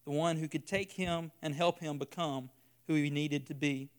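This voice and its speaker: A man's voice: on the high side, fairly even intonation, moderate pace, clean tone. A man preaching a sermon in an earnest way, building his points by repeating phrases.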